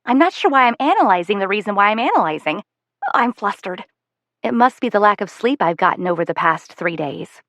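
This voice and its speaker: A woman's voice: medium pitch, animated, a little fast, fairly bright tone, no room sound. A woman reading a novel aloud in the first person, wry, self-aware and conversational. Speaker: audiobook narrator.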